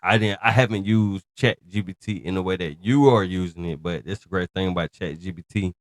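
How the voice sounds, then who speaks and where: A man's voice: deep voice, a little fast, no room sound, studio quality. A man hosting a casual commentary show, talking in a slangy, emphatic, rambling way. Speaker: host.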